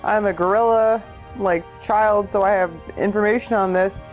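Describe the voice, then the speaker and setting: A woman's voice: mid-range voice, fairly even intonation, moderate pace, faint music behind. A tipsy woman narrating a comic recap, rambling and swearing, with lots of "like". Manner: rambling, swearing, full of likes.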